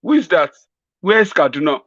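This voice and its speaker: Man doing a confused frail old leader, high and wavering, doting. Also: big pitch swings, brisk, fairly bright tone, no room sound, dull audio. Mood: befuddled. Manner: high, wavering, befuddled questions.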